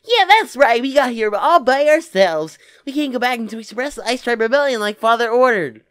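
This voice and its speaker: Casting: a woman playing a naive, bubbly game princess, high and very quick. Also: clear, resonant tone, no room sound, studio quality, close to an everyday voice. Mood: innocent. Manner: bubbly, excitable.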